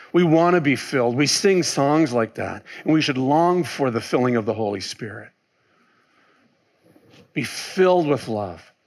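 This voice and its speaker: A man preaching a sermon as a pastor, animated, asking and answering his own questions, swinging between loud exclaiming and soft musing. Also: mid-range voice.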